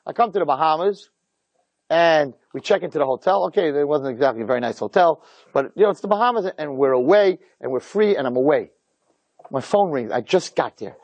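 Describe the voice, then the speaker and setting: A rabbi telling a personal story to an audience, with animated and emphatic delivery. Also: male voice, fairly high pitch, a little fast, no room sound. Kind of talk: storytelling talk.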